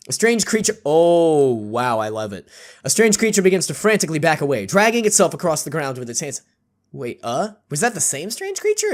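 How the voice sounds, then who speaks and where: A man reading a text game aloud with jokey, sarcastic, rambling asides. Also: medium pitch. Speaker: YouTube gamer.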